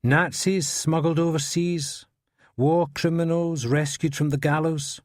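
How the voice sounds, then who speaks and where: A man's voice: fairly high pitch, fairly even intonation, unhurried, no echo, close to an everyday voice. A man doing a blunt, probing police detective. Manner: probing, dry politeness. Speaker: police interrogator.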